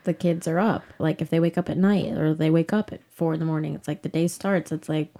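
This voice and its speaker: A pregnant woman in her thirties, chatting casually with a friend. Her voice sits a little low. She tells her story loosely, full of fillers, and acts out the quoted lines. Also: fairly even intonation, a little fast, mellow. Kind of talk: casual chat.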